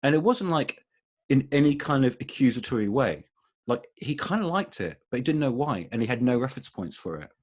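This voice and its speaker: A man's voice: medium pitch, very animated, fairly quick. A man co-hosting a music podcast over a video call, chatting casually about bands and trailing off into fillers and restarts. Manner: rambling, many fillers and restarts. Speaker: podcast co-host, music journalist.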